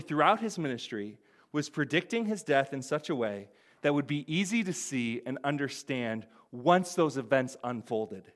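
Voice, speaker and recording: A man with a fairly high voice preaches a sermon in an earnest, conversational way. He asks his listeners questions and often restarts his words as he goes. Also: a bit bright. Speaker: pastor.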